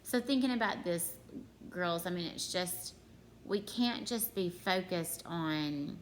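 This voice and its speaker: Slow-talking woman teacher, chatty, kinda low voice, bit of faint noise. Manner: chatty, talks straight to her students. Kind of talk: home grammar lesson.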